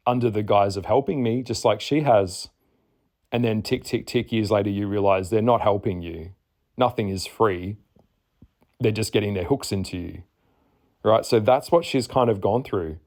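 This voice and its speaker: Candid, chatty low-voiced man. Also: a little mellow. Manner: candid, chatty, swears, laughs often. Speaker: astrologer. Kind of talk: casual spoken chart reading.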